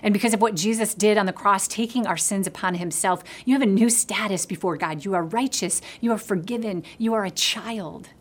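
Middle-aged woman giving a sermon, earnest, goes soft and hushed for god's lines. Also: mid-range voice, a little fast, hardly any pauses, husky. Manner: earnest, drops to a soft hush for God's words. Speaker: preacher.

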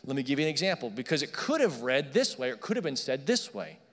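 A man's voice: medium pitch, sing-song, quick pace, a bit bright. A man preaching a sermon, teaching in a conversational and emphatic way and checking in with his listeners. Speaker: pastor. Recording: long hall reverb.

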